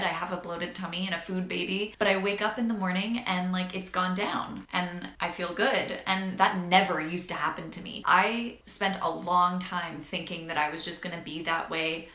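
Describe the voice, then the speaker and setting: In an echoey room, a twenty-something woman with a lowish, sharp-toned voice talks to camera about her health. She's candid and chatty, saying "like" a lot, getting emotional and laughing.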